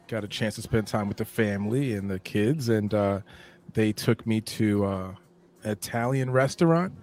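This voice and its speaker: A man's voice: on the low side, moderate pace, a little mellow. A man co-hosting a podcast in casual chat, laid-back and hesitant, chuckling as he talks. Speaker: co-host.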